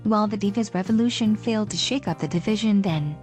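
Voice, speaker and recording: A woman host calmly narrating a scripted setup. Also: mid-range voice, fast. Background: faint music.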